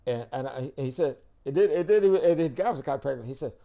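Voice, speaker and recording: Older man, casual storytelling, gravelly, warm tone, acts out dialogue. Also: fairly high pitch, quick pace. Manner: animated storyteller who acts out quoted dialogue. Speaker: podcast guest.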